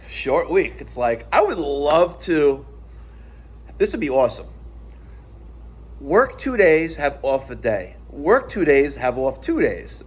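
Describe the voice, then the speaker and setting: Husky, lively New man ranting. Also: a little high. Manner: profane, animated storytelling. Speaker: internet personality. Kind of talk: casual ranting vlog.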